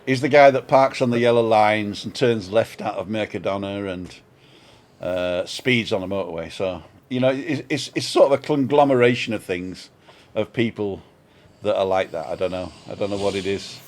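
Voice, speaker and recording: A man's voice: on the low side, moderate pace. Older man rambling through a story. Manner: rambling storyteller, chuckling, self-mocking. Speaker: vlog co-host. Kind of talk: casual chat on a live stream. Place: home balcony.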